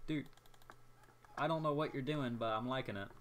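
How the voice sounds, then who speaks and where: Young male gameplay commentator, mid-range voice; excitable, self-mocking running chatter. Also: mid-range voice, normal speed, a little hiss or hum. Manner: excitable, jokey, talks to himself while playing.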